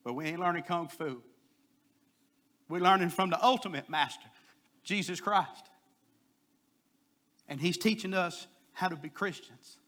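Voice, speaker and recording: A man preaching a sermon, telling a folksy story and pushing louder on his key points. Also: high-pitched, a little slow, long pauses.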